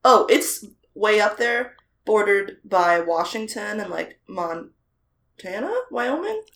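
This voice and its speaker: A woman from Texas co-hosting a podcast, reacting playfully with laughter and quick quips. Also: medium pitch, big pitch swings, a bit bright, slight background noise. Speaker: podcast co-host. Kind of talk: casual chat.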